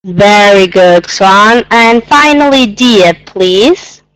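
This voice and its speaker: A woman's voice: medium pitch, slow pace, a bit bright, clear, resonant tone, no room sound, low-quality recording. A woman teaching an English pronunciation lesson, patiently repeating sounds and exaggerating them so learners can hear.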